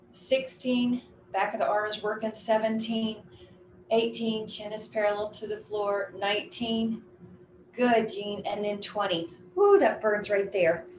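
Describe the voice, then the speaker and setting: A middle-aged woman leading an exercise class, counting reps aloud with brisk, encouraging cues. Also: medium pitch. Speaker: fitness instructor. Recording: echoey room with faint ambient noise.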